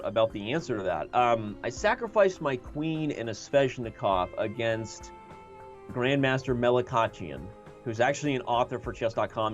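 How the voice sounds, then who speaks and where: A man's voice: mid-range voice, dull audio. A man commentating a chess game he is playing on a live stream, joking and thinking aloud.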